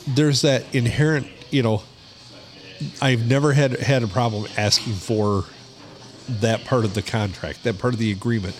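A man's voice: medium pitch, steady tone, moderate pace, soft background music. A man with a Michigan accent, co-hosting a podcast in blunt, matter-of-fact casual chat. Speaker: podcast co-host.

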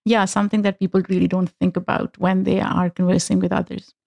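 Gravelly woman with a Pakistani accent. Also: medium pitch, little pitch movement, brisk, darkish tone, dry recording. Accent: Pakistani English. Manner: earnest, opinionated, laughs between points. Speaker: podcast guest, activist. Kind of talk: casual chat.

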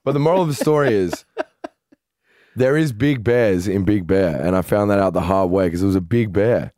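A man's voice: lowish voice, normal speed, dry recording, studio quality. A young Australian man co-hosting a podcast, telling a wild story in casual chat with plenty of swearing. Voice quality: swears freely, animated retelling. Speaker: podcast co-host.

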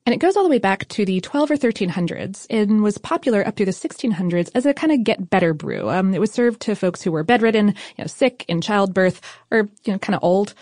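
A woman talking casually on a podcast, explaining old food history in an easy, informal way. Her voice has a middling pitch and is recorded close and dry, with no room sound. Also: animated, brisk, few pauses, a little mellow, no room sound. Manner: chatty and informal, with fillers and laughs. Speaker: podcast co-host.

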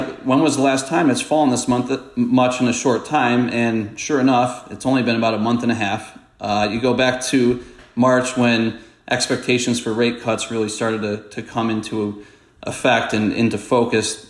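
A man who is a market strategist, giving measured, analytical commentary as a podcast guest. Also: mid-range voice. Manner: measured, explanatory, steady. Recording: roomy echo.

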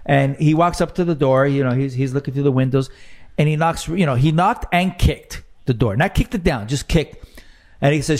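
A man on a podcast telling a story in a casual, animated way, swearing and laughing as he goes. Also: fairly high pitch, normal speed. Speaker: podcast guest.

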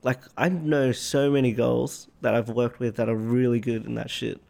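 Casting: man, gravelly voice, casual listener who chimes in often. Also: medium pitch, level tone, a little mellow. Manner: reactive, quick interjections. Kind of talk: casual chat.

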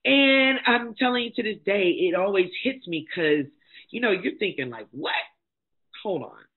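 A middle-aged woman, a life coach and motivational speaker, telling her own story as a guest, blunt and emphatic in a candid, animated way. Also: medium pitch, normal speed, breathy edge. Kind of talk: candid personal storytelling in conversation. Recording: tinny phone-like sound.

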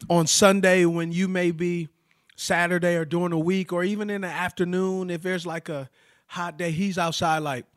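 Man, fairly high voice, dry close sound, casual chat, animated storyteller, loose and full of fillers. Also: moderate pace, no room sound.

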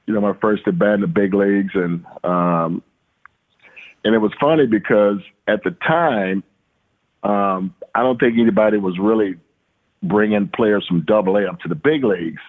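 At normal speed and in a lowish voice, a middle-aged man from Louisiana, formerly a baseball player, casually rambles through stories with many fillers and repeated words. The interview comes through a tinny, phone-like line.

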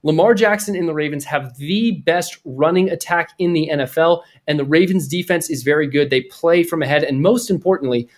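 A young man co-hosting a podcast, chatting casually and animatedly about fantasy football trades. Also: fairly high pitch. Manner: animated, quick, jokey. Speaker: podcast co-host. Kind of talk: casual sports chat.

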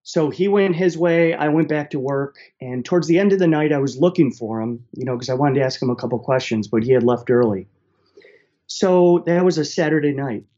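A middle-aged man from central New York, a guest telling his life story, speaks briskly in a slightly high voice, animatedly acting out the voices of people in his tale. The audio has its highs cut off.

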